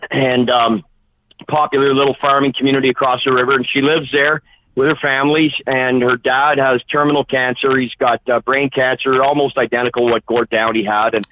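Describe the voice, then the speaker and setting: A man's voice: mid-range voice, no room sound. A man, a phone-in guest telling a long anecdote animatedly and acting out the voices he quotes. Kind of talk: anecdotal storytelling. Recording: tinny phone line.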